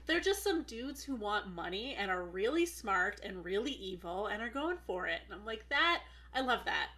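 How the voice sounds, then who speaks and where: A woman's voice: medium pitch, lively intonation, normal speed, a bit bright. A woman co-hosting a film podcast in casual chat, enthusiastic and storytelling. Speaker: podcast co-host.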